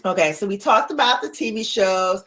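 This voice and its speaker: A woman's voice: mid-range voice, expressive, fairly quick, fairly bright tone. A middle-aged woman hosting a casual livestream, chatty, laughing often and answering viewer comments. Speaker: livestream host.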